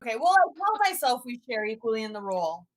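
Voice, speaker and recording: Woman band guest, dry teasing short replies, high animated voice. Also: fast. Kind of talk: casual livestream chat.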